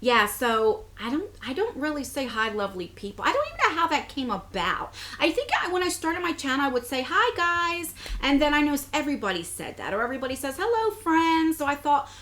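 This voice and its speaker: High-pitched and very animated, this beauty vlogger talks fast with few pauses in a slightly bright voice. She's a woman in her forties from New Jersey, chatting through viewer comments, rambling in her replies and laughing a lot.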